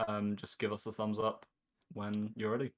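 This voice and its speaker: A man organizing a game tournament, speaking hesitantly with many pauses. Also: lowish voice, monotone. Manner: hesitant, lots of ums. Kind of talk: casual announcement.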